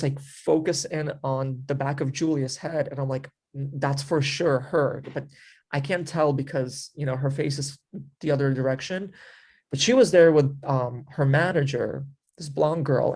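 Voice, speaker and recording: Here a man with a medium, slightly mellow voice spins a tale as an interview guest. It's a loose, casual chat full of "like" and "you know," and he performs his own past remarks as he goes.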